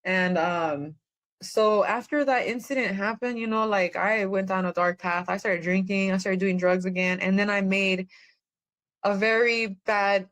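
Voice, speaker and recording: A woman's voice: mid-range voice, fairly even intonation, a little slow, fairly bright tone. A woman, a guest on a podcast, telling her own story in a rambling, earnest way with many fillers. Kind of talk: personal testimony in conversation.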